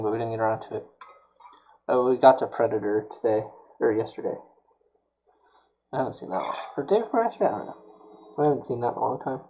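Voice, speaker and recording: A man's voice: mid-range voice, highs cut off. Rambling man chatting on a stream. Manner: rambling, chatty, many fillers. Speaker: streamer building a prop. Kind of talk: casual chat while working.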